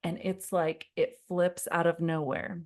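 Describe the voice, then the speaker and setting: A woman parenting coach in her thirties leads a live online workshop in a slightly low voice. She speaks frankly and confidingly, calls her listeners friend, and shares her own mistakes. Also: little pitch movement, unhurried. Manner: warm, confiding storyteller who addresses viewers as friend; acts out her own past pleading in quoted lines.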